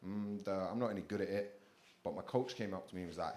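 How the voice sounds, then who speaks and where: Young south london guy doing stand-up, lowish voice, punchy and sweary, mic on a club stage. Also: fast, darkish tone. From England. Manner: swearing, self-mocking, punchy delivery. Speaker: stand-up comedian. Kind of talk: stand-up comedy set.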